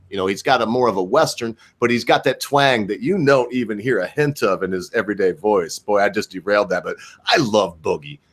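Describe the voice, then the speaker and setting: A man's voice: mid-range voice, a bit bright. A man with a Southern American accent hosting a casual livestream, rambling and restarting as he rants heatedly. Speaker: stream host.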